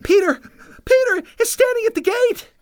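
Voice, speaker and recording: A storyteller voicing an excited young maid in a children's Bible story, speaking high and breathless. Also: moderate pace.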